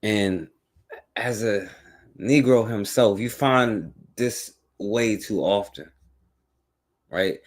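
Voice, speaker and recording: A man with a lowish voice hosts a talk radio show. He comments on politics casually and keeps tossing rhetorical questions at the listener. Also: drawn-out words, long pauses. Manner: conversational, rhetorical, many "right?" and "you know what I'm saying".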